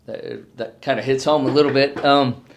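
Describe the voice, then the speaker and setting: A middle-aged man and retiring fire chief, reflecting in an exit interview, earnest and halting with many restarts. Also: mid-range voice, steady tone, vocal fry, slight background noise.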